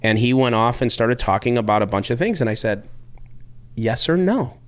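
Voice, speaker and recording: A man's voice: medium pitch, steady tone, fast, clear, resonant tone. A man hosting a podcast in casual chat, rambling and restarting his sentences, acting out what others said. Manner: rambling, self-interrupting, acts out quotes. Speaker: podcast host.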